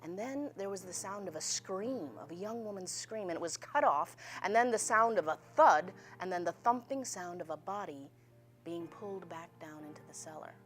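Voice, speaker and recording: A woman's voice: lowish voice, expressive, moderate pace, faint music behind. A woman storyteller telling a ghost story in a suspenseful way, her voice sinking toward a whisper at tense moments. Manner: suspenseful, dropping to near-whispers.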